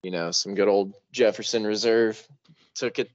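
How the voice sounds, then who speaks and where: A man's voice: fairly low pitch, fairly even intonation, moderate pace, no room sound, dull audio. A young man guesting on a podcast, telling dry, laid-back anecdotes in casual chat. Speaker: guest writer.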